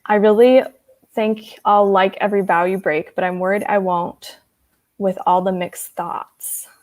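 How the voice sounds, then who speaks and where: A woman's voice: mid-range voice, steady tone, measured pace, a little mellow. Giggly young woman chatting on a stream. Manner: giggly, chatty, rambling with many "like"s. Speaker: host reading live chat. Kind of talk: casual livestream chat.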